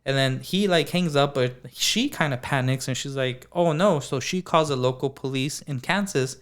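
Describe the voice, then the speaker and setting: Male podcast co-host, chatty storyteller, mid-range voice, animated delivery. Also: medium pitch, moderate pace. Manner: animated, acts out dialogue, many fillers like "like". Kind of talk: casual storytelling.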